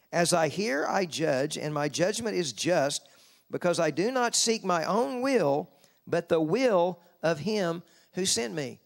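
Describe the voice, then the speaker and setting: Gravelly-voiced man preaching. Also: lively intonation. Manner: slows down to read scripture, rises in pitch for emphasis. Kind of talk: sermon. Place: convention hall.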